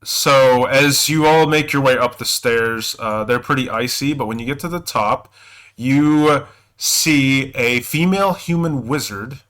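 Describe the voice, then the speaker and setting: Bright-voiced man running a tabletop game. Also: mid-range voice, a little slow, rough recording. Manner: hesitant, many fillers and self-corrections. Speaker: game master.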